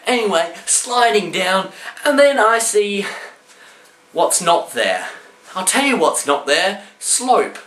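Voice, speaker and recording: A man tells a comic personal story, throwing in sound effects and shouted voices. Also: high-pitched, sing-song, takes it slowly. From Australia. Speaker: storyteller vlogger. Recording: roomy echo.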